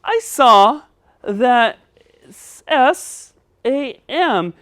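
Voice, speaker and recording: Eager puppet boy with a lisp, bouncy and quick to get overexcited, S sounds coming out as T, as voiced by a woman; children's lesson show, dry close sound. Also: fairly high pitch, expressive, fairly bright tone, no echo, pitched above the performer's own voice, full character voice. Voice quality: lisp that turns S into T. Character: excitable young puppet boy practicing his S sound.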